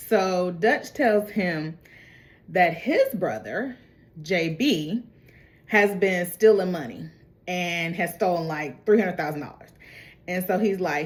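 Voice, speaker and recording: A woman's voice: fairly low pitch, animated, slow pace. Chatty woman recapping a TV episode. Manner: chatty, slangy, acts out characters' lines. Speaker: TV recap host. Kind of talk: casual recap chat.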